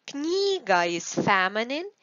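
A woman with a Russian accent, whose first language is Russian, teaching a beginner language lesson with slow, patient explanations. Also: a little high, sing-song, a bit bright, highs cut off.

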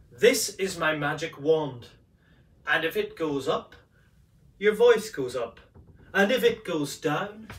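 A man leading a playful vocal warm-up lesson, coaxing and demonstrating by singing. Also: on the high side. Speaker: singing teacher. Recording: roomy, from a distance.

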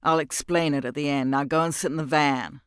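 A man's voice: on the high side, smooth, no room sound, studio quality, lightly acted. Lemoine, a man doing a cold, calculating businessman. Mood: soothing. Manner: slow, calm and controlling. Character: cold, calculating middle-aged male businessman.

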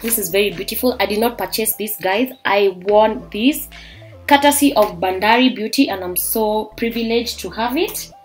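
A young woman from Kenya excitedly unboxing a beauty subscription box in a vlog, gushing and exclaiming as she goes. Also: mid-range voice, normal speed. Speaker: beauty vlogger. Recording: faint background music.

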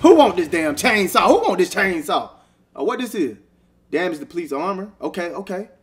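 A young man giving excitable, casual commentary while playing a video game and talking back to the characters. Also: high voice, normal speed, a little hiss or hum. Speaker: gaming streamer. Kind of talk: casual let's-play commentary.

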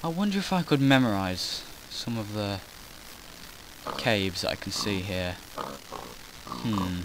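A man's voice: on the low side, sing-song, slow, creaky, background noise. A man giving loose, rambling commentary over his own gameplay footage, often losing his train of thought and swearing casually. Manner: meandering, self-interrupting, casual swearing. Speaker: gaming commentator. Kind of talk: rambling post-recorded game commentary.

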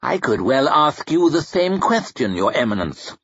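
A man's voice: medium pitch, sing-song, moderate pace, fairly bright tone, slightly rough, dry recording, dull audio, full character voice. A man voicing a sardonic, crippled male inquisitor with a dry, sarcastic manner.

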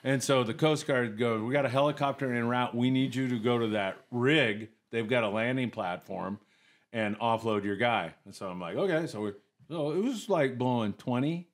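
A man's voice: medium pitch, normal speed. An older man, a retired commercial fisherman, telling stories in a casual podcast chat and acting out other people's lines. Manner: animated storyteller, acts out others' lines in raised voices.

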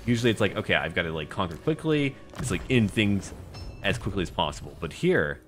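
Deep-voiced, animated gaming man. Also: fairly quick, soft background music. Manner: playful, boastful trash-talk of enemies. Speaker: gaming YouTuber. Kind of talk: roleplay campaign commentary.

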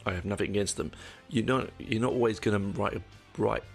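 A man's voice: fairly low pitch, a little fast, vocal fry, soft background music. A man hosting a casual solo podcast, rambling along with frequent restarts and the odd swear word. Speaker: podcast host.

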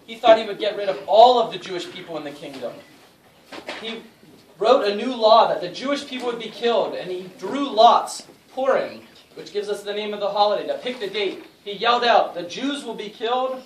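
A woman's voice: mid-range voice, lively intonation, fairly quick. A woman teacher narrates a school play, reading each line aloud so the children can repeat it. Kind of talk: storytelling narration, prompting lines. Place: school room. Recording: echoey room, distant mic, faint noise.

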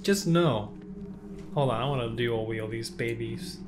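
A man's voice: medium pitch, unhurried, background noise. A young man giving blind playthrough commentary on a video game, exasperated, swearing and laughing at himself. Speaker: gameplay commentator. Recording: game music under the voice.

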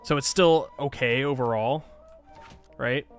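A man's voice: medium pitch, unhurried, clean tone, faint music behind. Man muttering through a strategy game. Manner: thinks aloud, frustrated and self-mocking, frequent sighs and laughs. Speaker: gaming YouTuber. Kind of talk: casual Let's Play commentary.

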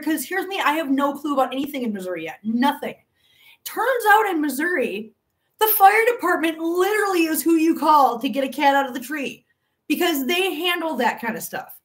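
A woman's voice: sits high, moderate pace, distant mic. Chatty woman livestreaming a story. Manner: chatty, animated storytelling, laughing often. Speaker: cat channel host. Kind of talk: live-stream chat with viewers.

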